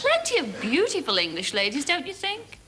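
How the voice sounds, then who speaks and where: A woman hosting a TV game show in a studio, teasing and joking with the contestants in lively banter. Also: sits high, brisk. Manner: teasing, jokey, chatty. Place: TV studio with live audience. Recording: hissy old VHS TV recording. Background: loud studio audience.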